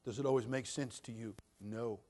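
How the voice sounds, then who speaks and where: A man preaching a sermon as a pastor, animated, dropping to a hush and then rising to near shouting. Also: medium pitch, moderate pace. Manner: animated, swings from hushed to shouting.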